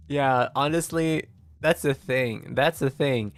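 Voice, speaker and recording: A male VTuber streamer, not a native English speaker, chats in a very slow, drawn-out way. He giggles and stammers, repeating his words as he goes. Soft music plays faintly behind him. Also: medium pitch. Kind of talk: casual livestream chat.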